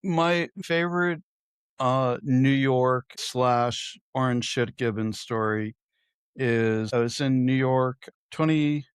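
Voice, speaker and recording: A man's voice: medium pitch, slow, clean tone, no echo, studio quality. A man co-hosting a podcast, chatting casually and profanely about politics and telling stories with acted-out quotes. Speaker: podcast co-host.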